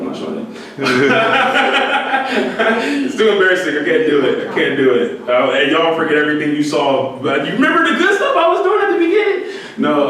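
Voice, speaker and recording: A man giving an earnest, candid motivational talk to music students, often breaking into laughter. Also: medium pitch. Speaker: speaker addressing music students. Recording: echoey hall, voice from far off, faint noise.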